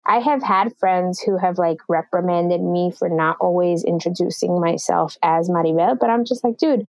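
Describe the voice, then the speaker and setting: Relaxed, laughing woman, dry sound. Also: fairly low pitch, moderate pace, no echo. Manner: relaxed, says "like" a lot, laughs easily. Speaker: podcast guest. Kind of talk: casual podcast chat.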